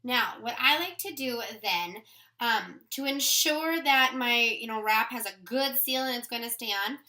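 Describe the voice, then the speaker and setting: A woman's voice: on the high side, a little slow, pushed and bright. A woman giving a chatty, upbeat how-to demonstration of nail wraps, talking her steps through as she works. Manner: chatty, upbeat, thinks aloud while working.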